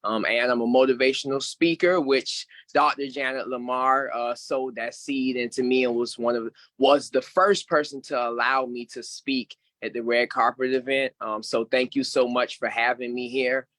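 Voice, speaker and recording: Bright-voiced young man introducing himself. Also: mid-range voice, steady tone, moderate pace, few pauses, no room sound. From Savannah, Georgia. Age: 20s. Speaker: panelist, entrepreneur.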